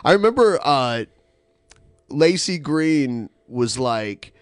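A man's voice: on the high side, very animated, takes it slowly, no echo, studio quality. A man co-hosting a podcast, chatting loosely and telling anecdotes. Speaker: podcast co-host. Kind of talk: casual chat.

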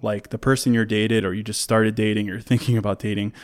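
A man's voice: lowish voice, level tone, fast. A man hosting a solo relationship advice talk, conversational and earnest, who repeats words as he restarts and works through a list of points.

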